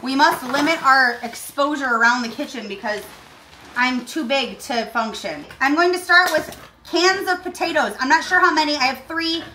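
A woman hosts a comedic cooking tutorial with a high, bright, sharp voice. She talks in an aggressive, deadpan, complaining way, uncomfortable in a costume. The sound is echoey, with a faint hiss behind her. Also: brisk. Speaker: cooking show host. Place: home kitchen.

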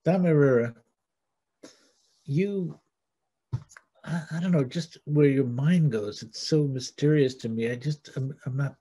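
A gentle, halting man plays a therapist in an improvised comedy session. His voice is mellow and husky, and he speaks earnestly and hesitantly. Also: a little high.

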